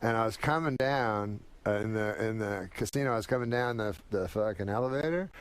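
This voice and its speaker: A man's voice: fairly low pitch, brisk, clean tone. A man telling anecdotes as a talk show guest, rambling and profane, often laughing.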